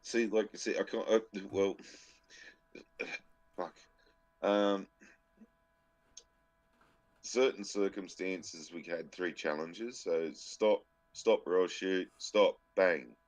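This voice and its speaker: A man's voice: low voice, drawn-out words, pauses often, no echo. A man co-hosting a podcast, telling stories in a rambling, profane casual chat. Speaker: podcast co-host.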